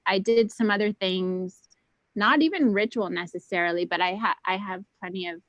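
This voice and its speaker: A woman's voice: mid-range voice, moderate pace, no echo, muffled recording. A woman chatting casually, rambling and interrupting herself with many fillers, keeping her voice down. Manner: speaks softly to keep her voice down. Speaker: guest on a spiritual round table. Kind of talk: casual chat.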